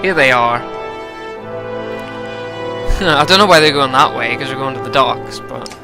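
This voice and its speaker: A man's voice: mid-range voice, takes it slowly, music in the background. A man giving casual, rambling commentary over a story game, tipsy and chatty. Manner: chatty, rambling, laughs between lines. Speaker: gameplay commentator.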